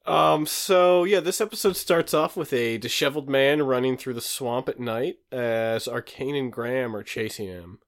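A man's voice: medium pitch, moderate pace, hardly any pauses. A man co-hosting a podcast, casually recapping a TV episode with many fillers. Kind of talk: casual chat.

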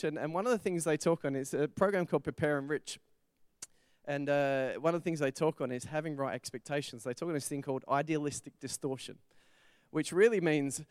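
A man's voice: a little high, smooth, no echo, clean studio sound. A middle-aged man, preaching a sermon in church in a conversational way with personal stories. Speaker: pastor.

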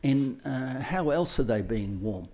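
A man's voice: mid-range voice, expressive, unhurried, darkish tone. A man co-hosting a podcast, talking casually and acting out little everyday scenes with playful voices. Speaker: podcast co-host. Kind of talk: casual conversational chat.

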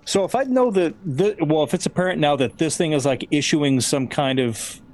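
Man, tabletop player, thinks out loud, restarts, slightly high voice, faint background noise. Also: moderate pace. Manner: thinks aloud, hesitant restarts, blunt swearing. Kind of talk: casual tabletop game chat.

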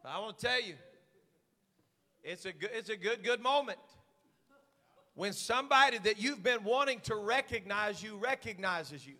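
A man pastor preaching a sermon, swinging from hushed asides to shouted, fiery passages. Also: high voice, lively intonation, moderate pace, pauses often, big-room sound.

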